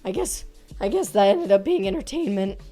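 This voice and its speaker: A woman's voice: mid-range voice, big pitch swings, brisk, warm tone, soft background music. A young woman streaming from her room at home, chatting casually with viewers, reading chat aloud and joking between giggles.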